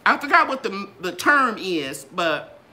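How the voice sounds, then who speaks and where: An older woman talks to her viewers in a live gardening Q and A. Her voice swoops up and down in a sing-song way. Her tone is bright and ringing, like a trained singer's. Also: measured pace. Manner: animated, sing-song ups and downs in pitch. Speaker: gardening channel host. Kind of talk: live Q and A chat.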